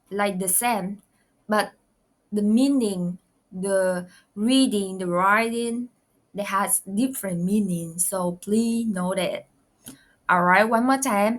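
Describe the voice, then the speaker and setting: Female language teacher, Vietnamese accent, very slow and deliberate, repeats each sound. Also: mid-range voice. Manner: slow, careful modeling of sounds with repetitions. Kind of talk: pronunciation lesson.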